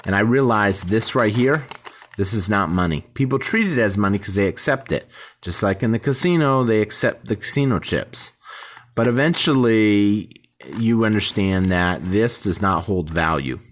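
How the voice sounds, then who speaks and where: A man's voice: fairly low pitch, moderate pace, a little hiss or hum. A man hosting his own channel, talking casually and rambling, acting out short quoted exchanges. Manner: rambling, conversational, acts out little quoted exchanges. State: yawning, tired. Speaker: YouTube host. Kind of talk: casual talk to camera.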